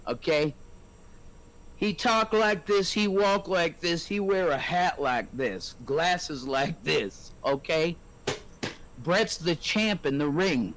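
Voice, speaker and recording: Male livestreamer, slow-talking and preachy, slightly high voice, theatrical delivery. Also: animated, a bit bright, a little hiss or hum. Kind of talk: rambling livestream rant.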